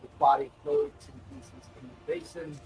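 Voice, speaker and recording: A man's voice: a little high, sing-song, normal speed, vocal fry, darkish tone, a little hiss or hum, low-quality recording. A man acting as game master, describing combat and asking for rolls in a casual, laughing way. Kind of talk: narrating a tabletop game.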